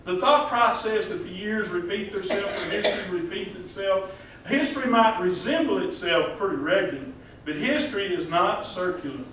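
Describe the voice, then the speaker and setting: A man's voice: high-pitched, expressive, normal speed, fairly bright tone. A man preaching a folksy sermon as pastor, joking and asking the congregation questions. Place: church hall. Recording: echoey hall, distant mic.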